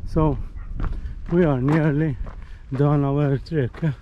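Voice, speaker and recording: This hiker vlogger, a man from Malta with a Maltese accent, films himself on a trail and chats casually, ending phrases with "eh?" while getting worn out and short of breath. He speaks slowly in a fairly even, higher-than-average voice. The audio has its highs cut off and some faint background noise.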